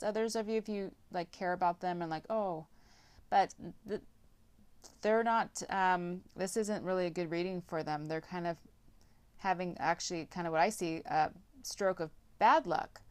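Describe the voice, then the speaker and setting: A woman giving a casual tarot reading, rambling with lots of filler words and some blunt swearing. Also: on the low side. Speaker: tarot reader.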